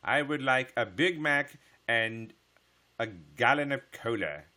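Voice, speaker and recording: A man voicing a role-playing gamer who talks in a slow, pompous, old-fashioned way. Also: mid-range voice, animated, pushed and bright, pitched above the performer's own voice. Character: mock-archaic role-playing gamer, male adult.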